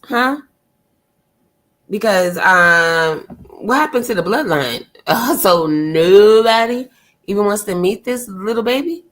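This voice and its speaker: A woman on a live stream gives an opinionated rant in blunt, exasperated tones. She talks at a middle pitch, pressing her points with rhetorical questions and the odd curse. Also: a little slow. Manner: loud and gushing when she greets a viewer. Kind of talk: ranting live stream commentary.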